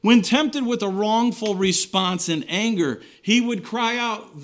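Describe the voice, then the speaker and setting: A man preaching a sermon, earnest, rising to emphatic lines and then dropping low and quiet at the ends of phrases. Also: very animated, a little slow, few pauses. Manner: earnest preaching with wide swings between raised and hushed phrases.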